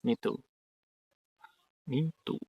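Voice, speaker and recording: A Ukrainian streamer chats casually on a livestream from outdoors in a garden, rambling and joking with plenty of swearing. His voice is slow and dark-toned, with no room sound.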